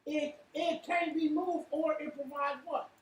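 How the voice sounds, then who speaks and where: A woman leading an interactive church Bible lesson, quizzing the room with repeated "what?" and building to shouts. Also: high voice, little pitch movement, measured pace. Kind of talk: interactive sermon with call and response. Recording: echoey room from far off, faint hiss.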